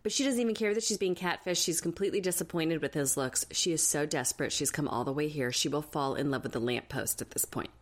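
Low-voiced sarcastic woman podcast host. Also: fast talker, few pauses. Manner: animated, sarcastic, dramatic retellings. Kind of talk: casual TV recap chat.

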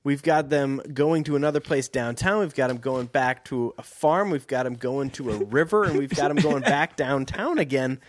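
A man's voice: medium pitch, moderate pace, hardly any pauses, no echo. Guy cohosting a chatty podcast, laughs a lot, dry close sound. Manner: laughs often, rambling joking banter. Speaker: podcast co-host. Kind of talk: casual chat, book club podcast.

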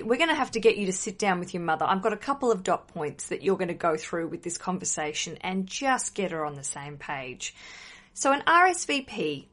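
A woman hosting a wedding advice podcast, chatty and emphatic, blunt with some mild swearing. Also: on the high side.

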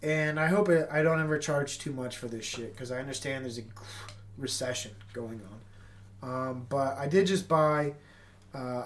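A man with a stuffy nose hosting a casual solo podcast from his apartment, rambling and swearing in a laid-back way. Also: fairly high pitch. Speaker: podcast host. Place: apartment with tenants upstairs.

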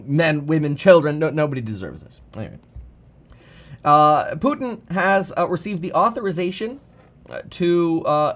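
A man giving casual, rambling news commentary, with restarts and chuckles. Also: a little high.

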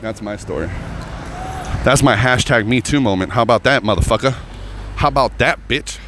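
A man's voice: medium pitch, moderate pace, fairly bright tone, a little hiss or hum. A man working as a comedian, telling a rambling, profane story straight to his viewers. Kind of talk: casual storytelling to camera.

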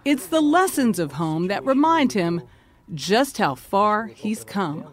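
A woman correspondent narrating a news feature in a measured, polished reporter delivery. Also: mid-range voice, big pitch swings.

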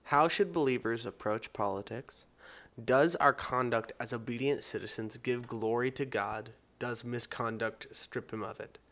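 A man's voice: medium pitch, unhurried, fairly bright tone. Man with a mid-range voice reading a question. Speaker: podcast team member reading listener question.

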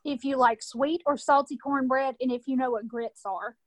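A woman's voice: high-pitched, steady tone, moderate pace, no room sound. A woman talking as a podcast guest, enthusiastic and gushing, laughing often in casual chat.

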